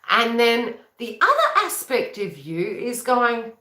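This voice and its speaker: A rambling, chatty woman talks to camera about her spiritual path, her voice bright and swinging widely up and down. She laughs easily. The sound comes from a room that echoes noticeably. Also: on the high side, big pitch swings. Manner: rambling and chatty, with quick laughs and acted-out quotes. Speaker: psychic reader and YouTuber. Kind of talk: casual spiritual talk to camera.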